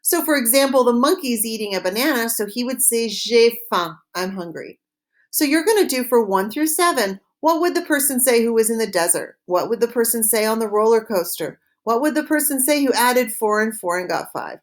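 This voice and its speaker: A woman leads a recorded language lesson. Her voice sits a little high. She spells out each phrase slowly and carefully so listeners can repeat after her. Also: lively intonation. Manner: slow, clear modeling of phrases for repetition. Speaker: French teacher.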